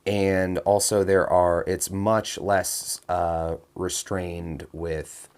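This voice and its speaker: A man with a fairly low voice co-hosts a casual movie-review chat. He chimes in quickly and talks in an animated way. He often adds wry asides. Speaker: podcast co-host.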